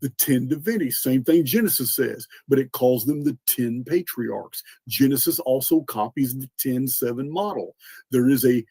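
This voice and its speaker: Podcast host, male, mellow husky lecturer, earnest, dry close sound, slight cough. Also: medium pitch, normal speed, dry recording. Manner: earnest explainer, repeats and restarts words, spells out names. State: coughing, clearing throat. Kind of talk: lecturing monologue.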